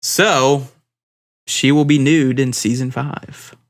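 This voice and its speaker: A man's voice: medium pitch, fairly even intonation, takes it slowly. A man co-hosting a casual podcast chat, easygoing and casual, steering topics and swearing offhand. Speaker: podcast co-host.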